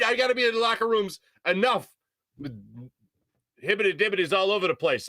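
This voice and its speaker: A male sports radio host, telling a story on air in an animated way. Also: sits high, quick pace, no room sound. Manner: animated storyteller, mimics shouting voices. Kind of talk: storytelling on a sports talk show. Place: radio studio.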